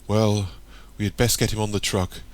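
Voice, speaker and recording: A man reading an audiobook, voicing a brisk, practical man in charge. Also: lowish voice, level tone, lightly acted.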